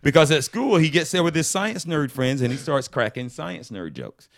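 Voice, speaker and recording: A man from Georgia, a guest actor chatting casually and telling animated stories. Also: on the high side, normal speed, creaky. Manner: animated storyteller who slips into voices. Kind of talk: casual chat.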